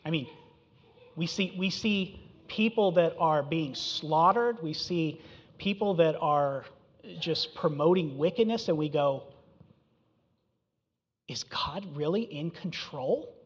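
Man preaching, fairly high voice, emphatic and conversational, long hall echo, dull recording. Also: measured pace. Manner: conversational, emphatic, rhetorical questions. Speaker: pastor. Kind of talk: sermon.

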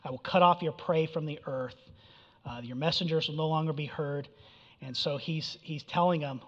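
A man's voice: on the high side, normal speed, fairly bright tone. A man preaching a sermon in a conversational way, often checking in with "right?" and "okay?". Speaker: pastor. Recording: dull sound with long reverb in a hall.

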